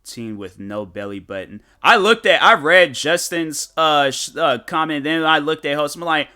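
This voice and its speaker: A young man streaming games, chatting casually with his viewers and telling animated, slang-filled stories. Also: a little high, normal speed, few pauses, clear, resonant tone. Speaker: gaming streamer.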